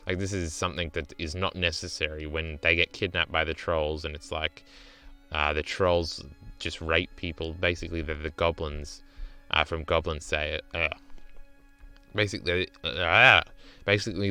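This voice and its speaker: Male streamer, reaction commentary; low, crisp and forceful tone; rambling, profane, peppered with "uh" and "right?".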